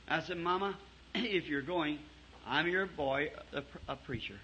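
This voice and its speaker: A man preaching to a congregation, telling folksy stories with chuckles in a lively way, on a dull old tape recording. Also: a little high, unhurried, slight background noise. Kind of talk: storytelling sermon. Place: church before a congregation.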